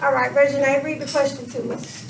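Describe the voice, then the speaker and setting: A woman's voice: high voice, level tone, fairly quick, creaky, noisy background. A woman teaching a math class, questioning her students and stretching out words for emphasis. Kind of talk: classroom lesson. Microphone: camera across the room. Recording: echoey classroom from far off.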